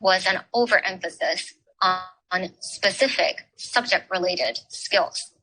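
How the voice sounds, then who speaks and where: A woman giving an academic talk at a forum, speaking haltingly with many filler pauses. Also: fairly low pitch, sharp tone, low-quality recording. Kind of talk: academic talk on education history.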